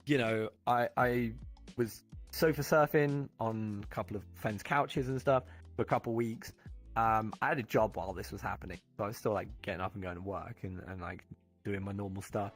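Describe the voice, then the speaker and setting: A man, a guest on a chat stream, talking in a halting way with many fillers and restarts. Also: mid-range voice. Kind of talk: casual chat.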